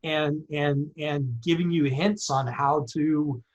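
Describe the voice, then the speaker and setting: A man's voice: a little high, steady tone, slow pace. A male film director talking in a casual interview, rambling with many fillers. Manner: rambling, many likes and you knows. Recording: dull lo-fi sound.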